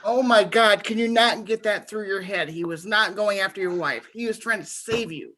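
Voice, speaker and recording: A man's voice: sits high, moderate pace, sharp tone. A man playing a tabletop horror game, arguing in character in an exasperated way. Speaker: player.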